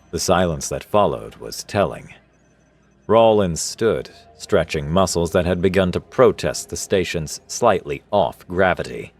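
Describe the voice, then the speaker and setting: A man reading a scripted science-fiction story in a steady, expressive way. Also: deep voice, measured pace. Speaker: narrator. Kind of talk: scripted sci-fi story narration. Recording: narration over faint music. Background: faint music.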